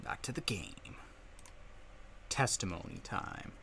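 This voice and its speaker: Low-voiced man making wry asides. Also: lively intonation, takes it slowly, gravelly. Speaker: streamer playing a game with friends. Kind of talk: casual chat.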